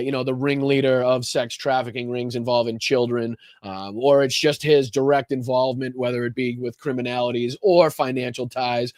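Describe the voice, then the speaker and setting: Podcast host, man, Boston accent, sarcastic and profane, mid-pitched voice, dry close sound. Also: no echo. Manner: sarcastic, laughing often, profane. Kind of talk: casual commentary reacting to a video.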